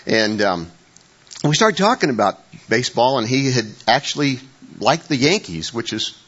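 A man's voice: mid-range voice, big pitch swings, moderate pace, fairly bright tone. An older man preaching a conversational sermon in a church. He rambles through stories with many restarts and self-corrections, with wry, self-mocking humor. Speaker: pastor. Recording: dull lo-fi recording.

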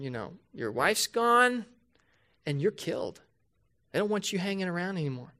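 A man preaching a sermon as a pastor, talking conversationally to his congregation, asking rhetorical questions and slowing down to drive key points home. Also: sits high, sharp tone. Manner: emphatic, slows down to stress key points.

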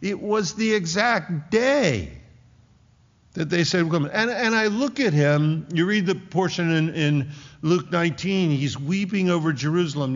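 A man's voice: a little high, expressive, unhurried, muffled recording. Earnest male preacher in a reverberant hall. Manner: earnest, conversational preaching with many asides. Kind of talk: sermon.

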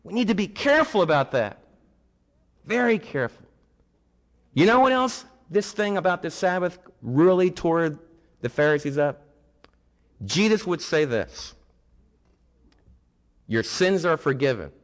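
A male pastor preaching in a conversational, humorous storytelling manner. His voice sits fairly high for a man. It carries a long reverb from a large church sanctuary. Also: animated, unhurried, long pauses. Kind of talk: sermon.

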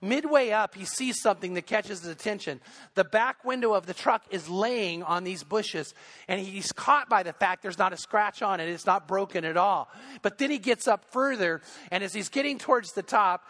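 A man's voice: high-pitched, moderate pace, fairly bright tone. A man preaching a Sunday sermon as pastor, telling stories with earnest, building intensity into a pulpit microphone. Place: church sanctuary. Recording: long church reverb.

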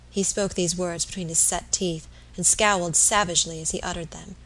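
A woman narrating a classic novel in a measured, even manner. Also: fairly low pitch. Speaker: audiobook narrator. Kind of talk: novel read aloud.

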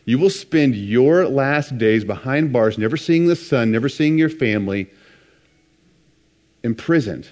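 A man's voice: medium pitch, lively intonation, unhurried, a little mellow. A man preaching a conversational sermon, retelling scripture with casual asides. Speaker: pastor.

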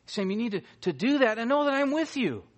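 A man's voice: very high voice, big pitch swings, quick pace. A man preaching a sermon as pastor, emphatic and repeating key phrases for weight.

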